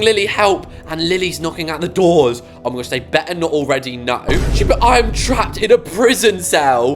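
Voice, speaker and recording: A gaming YouTuber, giving excited, dramatic commentary full of gasps and quick reactions. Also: medium pitch, soft background music.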